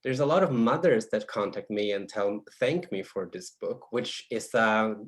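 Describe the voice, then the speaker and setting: Man, from Sweden, author, lowish voice, halting, soft-spoken, video call panel. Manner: soft-spoken, hesitant, many restarts.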